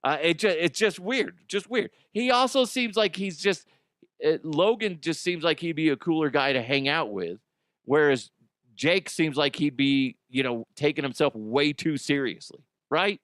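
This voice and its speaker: Male comic news host, slightly high voice, rambly, crude, self-deprecating, dry close sound. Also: animated, moderate pace, a bit bright, dry recording. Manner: rambling, swearing, self-mocking. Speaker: podcast host. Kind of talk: casual comedic news chat.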